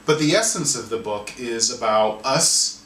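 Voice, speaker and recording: A man, an artist and author, telling a story in an interview in an animated way, often restarting and repeating words. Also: mid-range voice, unhurried. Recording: roomy sound from a distance, faint ambience.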